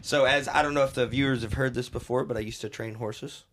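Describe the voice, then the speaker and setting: A man co-hosting a podcast, telling stories in a casual, animated way. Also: medium pitch, fast talker. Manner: animated storyteller who acts out quoted voices. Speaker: podcast co-host. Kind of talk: casual storytelling chat.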